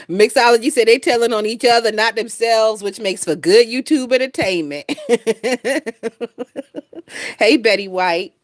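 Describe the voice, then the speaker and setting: A woman's voice: fairly high pitch, a little slow, pauses often, no room sound, studio quality. A woman in her twenties hosting a casual gossip livestream, brash and profane, reading out viewer comments and laughing often. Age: 20s. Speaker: gossip channel host.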